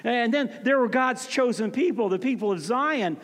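High-voiced pastor preaching in a reverberant hall. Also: male voice, lively intonation, normal speed. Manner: emphatic, rising to fervent peaks then dropping soft and low; repeats words when starting phrases. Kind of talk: sermon.

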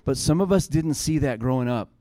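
A man's voice: medium pitch, expressive, brisk, mellow, dry recording, clean studio sound. A man in his thirties preaching a sermon, earnest and conversational, building to fervent passages. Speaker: pastor.

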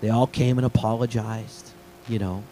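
A middle-aged man preaching a sermon, telling a story with lively swings between hushed asides and excited high points. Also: moderate pace, slight background noise, low-quality recording. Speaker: pastor.

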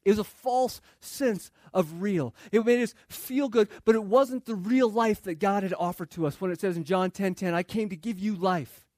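Man, pastor, sermon, conversational, high-pitched, dry sound. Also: normal speed, hardly any pauses, darkish tone, no echo. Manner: conversational, acts out quoted voices. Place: church.

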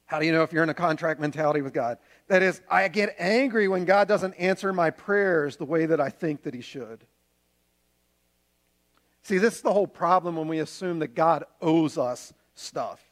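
A man's voice: on the high side, normal speed. A man preaching a sermon as a pastor, earnest and conversational, using homely examples.

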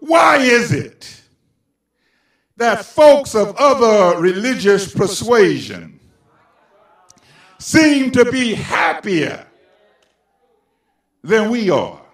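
A man preaching a sermon, telling stories and building to shouted preaching. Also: high voice, sing-song, extremely slow, pauses often. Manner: rising to shouted preaching with storytelling. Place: church sanctuary. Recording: echoey church from far off.

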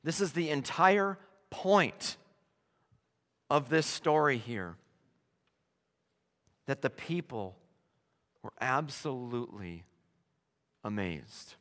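A man preaching a sermon, emphatic and animated, dropping to hushed tones and then rising to loud declarations. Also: mid-range voice, slow pace, pauses often. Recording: long hall reverb.

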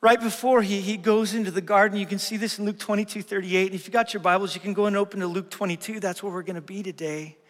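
A middle-aged male pastor with a rather high voice preaches in earnest, swinging between loud, lively stretches and quiet, hushed moments. His voice rings out with a long reverb from the sanctuary around him. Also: fast, few pauses. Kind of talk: sermon.

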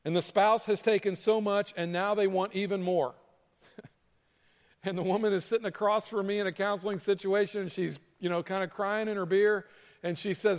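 A man's voice: sits high, fairly even intonation, moderate pace. A man preaching a sermon as pastor, talking in a conversational way and acting out quarrels between people. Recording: hall reverb.

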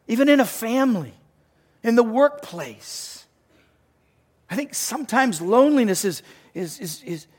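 A man's voice: high voice, husky. A man preaching a sermon, earnest, repeating phrases for emphasis and sometimes dropping almost to a whisper. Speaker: pastor.

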